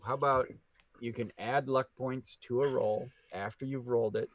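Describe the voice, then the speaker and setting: Halting man running a tabletop game. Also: mid-range voice, fairly even intonation, dry recording. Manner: halting, full of fillers, laughs easily. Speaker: game master.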